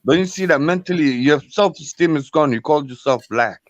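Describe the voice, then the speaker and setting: A man in casual chat, talking in a dismissive, repetitive, halting way. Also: a little high, no echo, lo-fi sound.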